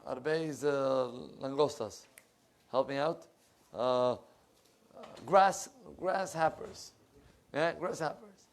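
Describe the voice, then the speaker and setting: Impassioned rabbi preaching a sermon. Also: male voice, medium pitch, slow. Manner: impassioned, rising loud when telling stories, dropping to soft asides; searches for English words mid-sentence. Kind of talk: sermon with storytelling. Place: synagogue.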